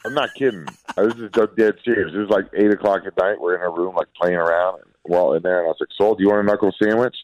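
A man chatting casually as a podcast co-host, telling animated stories about his young daughter. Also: deep voice, fast, few pauses, no room sound, dull audio. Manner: animated storytelling, mimics his toddler's voice. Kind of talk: casual chat.

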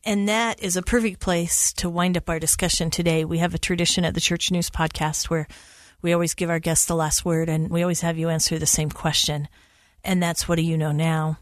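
A woman hosting a podcast, asking her guest a closing question and reading the sign-off in a measured, polished way. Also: on the low side, flat delivery, dry recording, studio quality. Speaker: podcast host. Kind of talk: podcast interview and outro.

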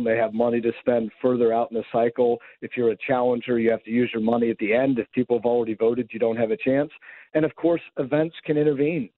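A hoarse man speaks in a steady, mid-pitched voice, laying out his points in a measured, explanatory way. He comes in over a tinny phone line, so his voice sounds thin and clipped. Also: dry recording. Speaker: state secretary of state, radio guest. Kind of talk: radio phone interview.

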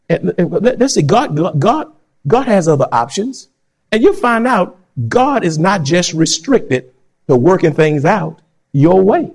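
A male preacher delivers a lively sermon, laughing often and moving from loud calls to quiet asides. His voice sits high and leaps all over the scale. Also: measured pace, slightly rough. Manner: animated, laughing, swings between loud and soft. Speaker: pastor.

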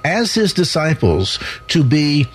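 Reflective husky male radio host. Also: fairly high pitch, very animated, a little slow. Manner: reflective, articulate, some stammering. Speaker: radio talk show host. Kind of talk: radio interview.

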